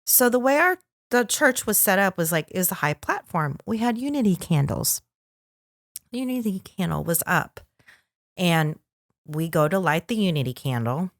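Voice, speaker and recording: A woman telling a story in a relaxed podcast chat, her pitch leaping up and down as she acts out what people said. The sound is close and dry, with no room around it. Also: dry recording. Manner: animated, lively storyteller who acts out quotes. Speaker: podcast co-host.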